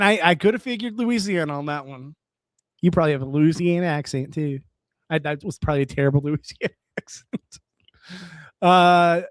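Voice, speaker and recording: A young man from California chatting casually on a live stream, reading viewer comments and reacting in an excitable way, laughing often. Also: a little high, no room sound, studio quality.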